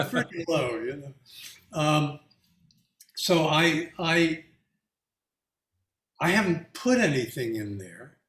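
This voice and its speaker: A man's voice: fairly high pitch, lively intonation, fairly bright tone, echoey room. A man, a featured artist, talking reflectively and casually with an audience, often restarting his sentences and laughing through his anecdotes. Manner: halting with many restarts, laughs while telling anecdotes.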